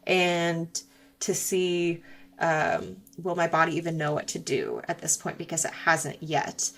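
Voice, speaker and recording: A woman's voice: low-pitched, steady tone, measured pace, fairly bright tone. A young woman, a guest in an interview, telling a personal story in a candid, reflective way with frequent fillers.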